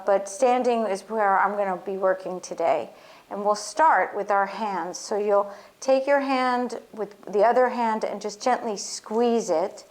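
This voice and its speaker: Slow, gentle woman guiding a body exercise. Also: mid-range voice. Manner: slow, gentle, soothing instruction. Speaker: yoga teacher. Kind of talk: guided somatic exercise.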